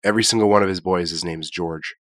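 A man with a very low, deep voice chatting casually on a podcast. He sounds congested and talks in a loose, rambling way, drifting from one thought to the next. The sound is close and dry, with no room around it. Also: fairly even intonation, quick pace, a bit bright, no room sound. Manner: laid-back, rambling, drifts between thoughts. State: congested from illness. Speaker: podcast co-host. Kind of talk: casual chat.

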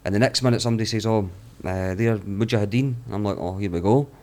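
A man's voice: on the low side, quick pace. A young man on a podcast, telling travel stories and acting out the people he met, swearing freely. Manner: animated storyteller, swears freely, acts out quotes. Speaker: travelling guest. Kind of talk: casual podcast storytelling.

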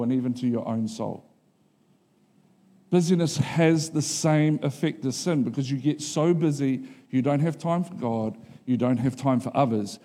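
A middle-aged pastor gives a casual, conversational sermon, often asking the congregation whether they are following him. He acts out quotes by shifting into a higher, animated voice.

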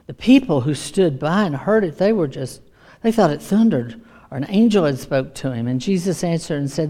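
A woman's voice: lowish voice, animated, moderate pace, mellow. A woman preaching a sermon, emphatic and repeating her key lines.

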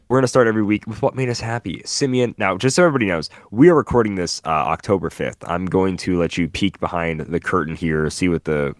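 Man, podcast host, very low voice, dry close sound, playful banter. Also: no room sound. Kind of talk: casual podcast chat.

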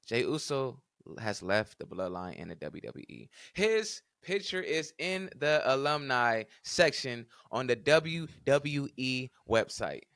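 Animated man with a lively voice. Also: mid-range voice, takes it slowly, vocal fry, few pauses, no room sound, studio quality. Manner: animated, puzzled, playful. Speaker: podcast co-host. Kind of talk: casual chat.

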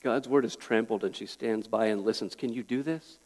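A man's voice: fairly low pitch, moderate pace, darkish tone. A pastor preaching an earnest, pleading sermon, a man who often restarts his words. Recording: echoey hall with long reverb.

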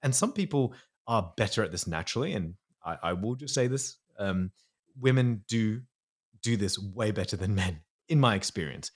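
A man's voice: on the low side, expressive, moderate pace, breathy edge. A man, a psychologist explaining things earnestly in a podcast interview. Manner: earnest, explanatory, slips into acting out inner voices. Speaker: psychologist guest.

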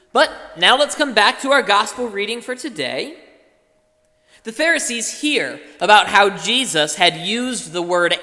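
A man preaching a sermon as pastor, explaining things in a deliberate teaching way. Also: sits high, pushed and bright. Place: church. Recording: long reverb of a church hall.

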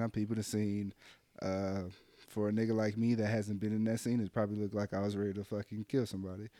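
A man with a lowish voice tells a story in relaxed, profane chat. He is animated and slips into the voices of the people he quotes. The sound is dry and close. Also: no room sound. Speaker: podcast co-host telling a story.

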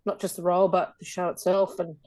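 A woman's voice: lowish voice, quick pace, no room sound. An Australian woman in her fifties, a stage performer chatting animatedly as a podcast guest. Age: 50s. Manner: animated, chatty with frequent laughter. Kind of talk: casual podcast conversation.

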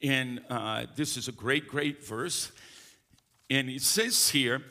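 A man's voice: mid-range voice, slow pace, pushed and bright. A middle-aged man, a pastor preaching a sermon, emphatic and calling for responses from the congregation. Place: church sanctuary. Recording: long reverb of a large hall.

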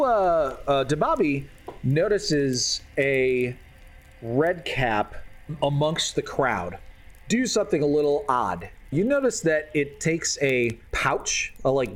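A man narrating a tabletop game as game master, loose and casual, with some swearing. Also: mid-range voice.

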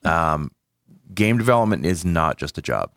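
A man's voice: deep voice, big pitch swings, normal speed, a bit bright, no echo. A man co-hosting a casual game studio podcast, laid-back with a teasing dry humor.

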